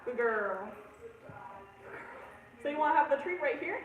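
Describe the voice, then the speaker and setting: High-voiced woman training a dog outdoors. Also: lively intonation, dull audio. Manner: gives quick commands to a dog between explanations, upbeat and chatty. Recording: echoey, distant outdoor camera audio with noise.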